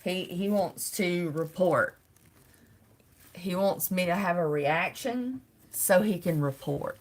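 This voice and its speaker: A woman's voice: lowish voice, takes it slowly. A middle-aged woman hosting a casual livestream, greeting viewers by name and laughing often. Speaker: livestream host.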